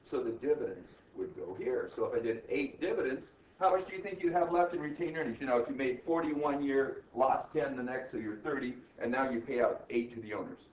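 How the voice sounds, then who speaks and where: A middle-aged accounting instructor with a mid-range voice lectures briskly in a classroom, barely pausing, speaking emphatically and often checking in with "right?" and "okay?". The recording is muffled and roomy, captured from far off.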